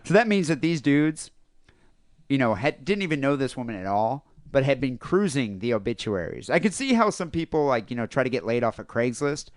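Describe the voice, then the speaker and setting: A man co-hosts a casual comedy podcast, rambling through a news story with plenty of fillers and laughter. His mid-range voice has lively intonation and a slightly fast pace, captured in a dry, clean studio recording.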